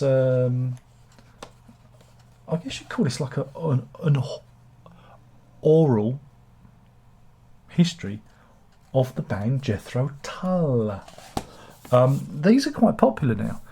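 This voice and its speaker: A man's voice: medium pitch, animated, slow pace, gravelly, long pauses, mellow, husky. A man, hosting a casual book review channel, rambling with sardonic, self-mocking humor. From England.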